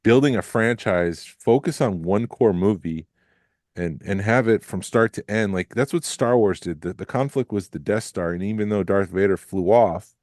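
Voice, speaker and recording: A man's voice: lowish voice, moderate pace, a little mellow, dry recording, studio quality. A man co-hosting a podcast, giving blunt, critical opinions in a casual chat. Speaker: podcast co-host.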